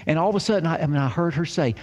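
A man's voice: on the high side, very fast, darkish tone. A man telling a childhood story to a live audience, folksy and fond of repeating key phrases. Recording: reverberant hall sound.

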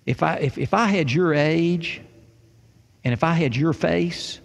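Brief: a man doing a folksy, blunt older madam, gravelly edge, long hall reverb. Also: fairly high pitch, a little slow. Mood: coaxing. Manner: folksy, drawling, plainspoken. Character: worldly older woman madam, blunt and motherly.

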